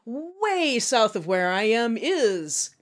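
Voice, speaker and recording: A woman's voice: a little high, big pitch swings, takes it slowly. A woman co-hosting a casual movie podcast, chatty and giggly. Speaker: podcast co-host. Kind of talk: casual chat.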